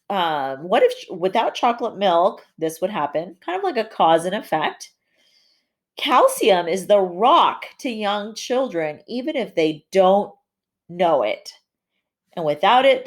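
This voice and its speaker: A woman teacher giving a recorded video lesson, encouraging her students through the camera and slowing down to read example passages aloud. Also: medium pitch. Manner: slows down to read quoted text aloud with emphasis.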